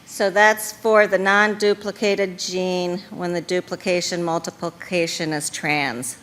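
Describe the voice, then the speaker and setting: A woman's voice: lowish voice, steady tone, measured pace, a bit bright. A woman moderating a panel meeting, talking informally and apologizing in passing. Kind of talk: chairing a meeting.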